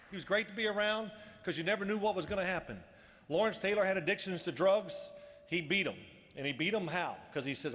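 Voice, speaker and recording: A man's voice: high voice, fairly quick, some chatter behind. Man telling stories in a reverberant hall. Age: 50s. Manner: animated, acts out quoted dialogue. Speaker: after-dinner speaker. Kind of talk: storytelling speech. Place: banquet hall.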